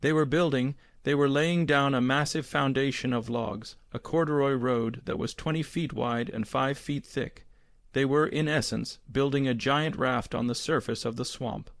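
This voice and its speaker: A man narrating an audiobook in a measured, grave storytelling manner. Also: mid-range voice, steady tone, no room sound. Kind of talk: scripted narration.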